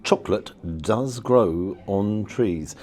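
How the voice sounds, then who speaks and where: A man reviewing a restaurant meal in a casual vlog, talking excitedly and repeating his exclamations. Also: lowish voice, slow pace. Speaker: food vlogger. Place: restaurant, then outdoors in the street.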